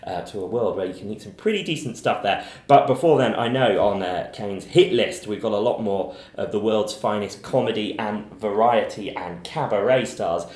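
Male radio host, low voice, roomy studio with faint music. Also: normal speed, few pauses, darkish tone. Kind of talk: radio preview chat.

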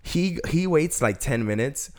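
A man's voice: fairly high pitch, animated, a little slow, darkish tone. A man chatting casually with a friend, retelling stories in a slangy way and doing the voices of the people in them. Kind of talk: casual chat.

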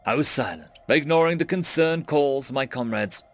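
A male narrator telling a tense first-person story with a lively, rising and falling delivery. His voice stays mid-pitched and he jumps much higher for frantic quoted lines. Faint music plays behind him. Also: normal speed. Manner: voices characters' panicked shouts with big pitch jumps.

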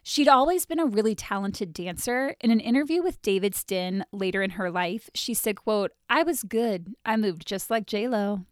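A woman hosting a podcast, telling a story from her notes in a wry, animated way between bits of casual chat. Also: mid-range voice, moderate pace, hardly any pauses, no echo, studio quality. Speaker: podcast host.

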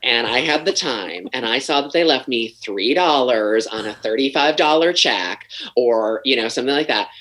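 A man spins a story as a guest on a podcast, swearing casually and laughing as he goes. His pitch swoops all over the place, and his delivery is lively and expressive. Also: moderate pace, few pauses, rough recording. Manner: animated, swears freely, laughs mid-story. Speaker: podcast guest, former waiter.

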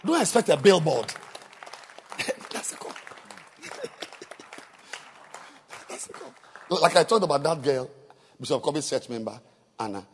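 A man preaching a sermon. He swings between soft asides and loud exhortation. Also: fairly high pitch, big pitch swings, unhurried, long pauses, a faint crowd, slight background noise. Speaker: pastor.

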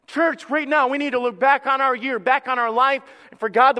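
A high, bright-voiced man preaching with passion, dropping low and quiet, then rising to a shout. He often repeats his opening words as he builds each point. His voice rings out with a long reverb through a church sanctuary. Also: steady tone, moderate pace, hardly any pauses. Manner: impassioned preaching, swings from hushed to loud; repeats words when starting a phrase. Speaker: pastor. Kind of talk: sermon.

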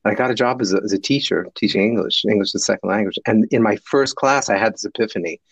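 A middle-aged man from the United States, a guest telling stories with animated delivery and acting out the people in them. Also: on the low side, quick pace, no echo. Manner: animated, acts out voices in his stories. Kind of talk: storytelling in a conversation.

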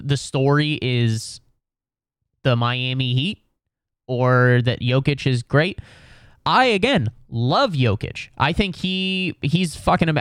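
A man's voice: fairly high pitch, dry recording. A man of thirty hosting a podcast alone, ranting sarcastically and profanely about basketball, often slipping into mocking voices. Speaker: podcast host. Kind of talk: solo comedic sports rant.

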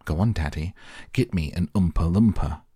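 A man's voice: low-pitched, moderate pace, warm tone, husky, no room sound, studio quality. A man voicing a spoiled, demanding rich little girl in a storybook reading, with a whiny, insistent delivery. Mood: whining.

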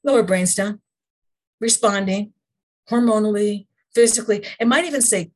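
A woman with a darkish tone, medium pitch and normal speed talks as a podcast guest. An emotion code practitioner, she relates heartfelt, faith-based stories that invoke God and the Lord, frequently beginning again and tossing out rhetorical questions.

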